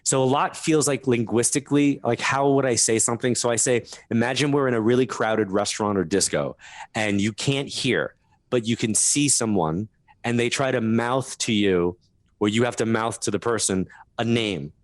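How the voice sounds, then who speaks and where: A man telling stories as a guest on a radio interview, laughing through them and dropping in quick asides. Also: medium pitch, no room sound. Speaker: guest medium. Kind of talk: animated storytelling interview.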